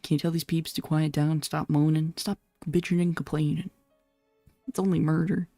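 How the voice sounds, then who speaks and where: A woman streaming a horror game, chatting casually and bluntly, swearing and laughing often, her voice a little hoarse. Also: low-pitched, little pitch movement, a little fast, dark tone, dry recording, faint music behind. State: slightly hoarse. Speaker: VTuber streamer. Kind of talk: casual gameplay commentary.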